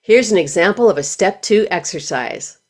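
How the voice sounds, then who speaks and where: A woman voice teacher giving scripted instructional narration, speaking in a clear, measured, explanatory way. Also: mid-range voice, animated.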